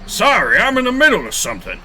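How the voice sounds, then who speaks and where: Man doing a loud, brash cave gatekeeper. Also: high voice, huge pitch swings, fast talker, soft background music, voice pushed up, full character voice. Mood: gruff. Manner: blustery, shouting from a distance.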